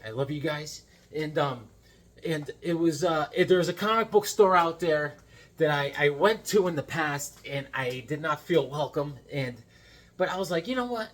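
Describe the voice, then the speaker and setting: Husky rambling man telling stories. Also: on the high side. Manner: rambling, animated storytelling with fillers and restarts. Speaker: comic book vlogger. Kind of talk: casual chat.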